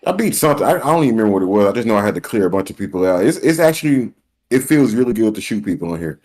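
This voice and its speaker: Male co-host, lowish voice, relaxed and laughing often. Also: rapid-fire. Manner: laid-back, laughs often. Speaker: podcast co-host. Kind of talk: casual gaming chat.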